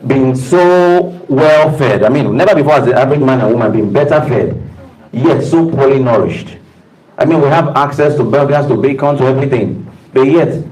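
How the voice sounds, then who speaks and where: In a rough recording with a little hiss or hum, a man with a mid-range, darkish voice delivers a motivational talk to staff. Before a live audience in a room, he speaks emphatically like a preacher and calls out to listeners.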